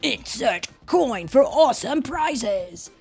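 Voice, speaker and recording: A woman's voice: fairly high pitch, animated, slow, vocal fry, husky, soft background music, pitched above the performer's own voice, full character voice. A woman voicing a chirpy toy claw machine that talks like a sing-song announcer during a storybook reading.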